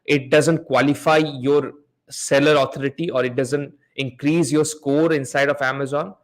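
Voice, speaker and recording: A man runs a live online Q&A, walking viewers through examples on his shared screen. He explains step by step, often repeats himself, and asks the audience to type in answers. His voice sits in a middle pitch range for a man. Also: fairly even intonation, moderate pace. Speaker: host of a live Amazon PPC Q&A session.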